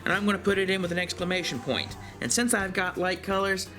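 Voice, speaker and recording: A man giving a calm, step-by-step craft tutorial for a library. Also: high-pitched, quick pace, music in the background.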